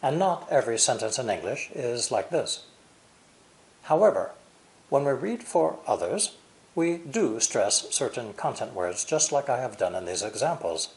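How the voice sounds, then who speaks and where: American teacher man, lively intonation. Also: medium pitch. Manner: clear, deliberate, exaggerated stress and intonation. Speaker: English teacher. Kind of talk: language lesson explanation.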